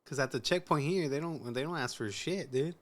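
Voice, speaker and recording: A man hosting a casual chat, reacting to the story with profane jokes and slang. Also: on the high side. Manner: slow, profane, joking reactions mixing Spanish slang. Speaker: host.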